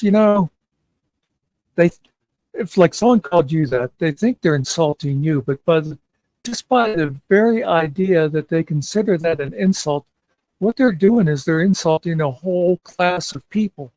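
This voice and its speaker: A man's voice: a little high, a little slow, darkish tone, dry recording, poor audio. A man hosting a casual chat show, rambling and meandering with many fillers. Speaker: podcast host.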